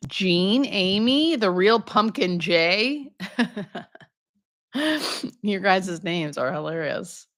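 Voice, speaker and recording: A woman in her thirties chats on a livestream from home, welcoming viewers one by one and joking at her own expense. Her voice is clear and bright, at a middle pitch for a woman. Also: lively intonation, drawn-out words, long pauses. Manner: chatty, greets viewers by name, self-deprecating asides. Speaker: hospice nurse and livestream host. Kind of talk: casual live Q&A chat.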